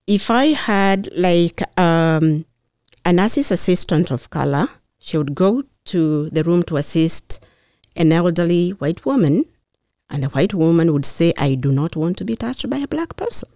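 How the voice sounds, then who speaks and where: A middle-aged woman, a guest telling personal stories in an earnest, measured way with thoughtful pauses. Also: on the low side, mellow, no echo, studio quality. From Kenya. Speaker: mayoral candidate, guest. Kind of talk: personal storytelling in conversation.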